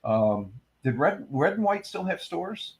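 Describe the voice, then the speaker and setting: A man from New York hosts a relaxed morning live stream. He rambles through his thoughts, stumbling over fillers and restarting sentences as he chats with viewers. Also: fairly high pitch, a little slow, creaky, husky. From New York, USA. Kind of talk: casual morning chat.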